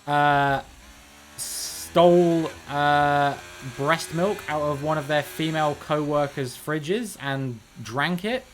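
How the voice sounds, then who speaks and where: A man's voice: on the high side, slow pace, slight background noise. A man streaming live, giving casual, joking commentary while he plays, with rambling sarcastic asides.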